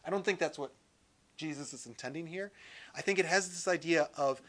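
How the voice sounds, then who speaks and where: A man teaching a Bible session in sermon style, animated and lively, acting out quotes with jokey asides. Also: a little high, brisk.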